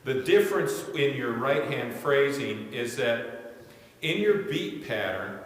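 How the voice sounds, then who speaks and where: A man's voice: medium pitch, lively intonation, slow. A male music instructor giving a classroom lecture on conducting, counting beats aloud as he demonstrates. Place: large echoey room. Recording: echoey hall, voice from a distance.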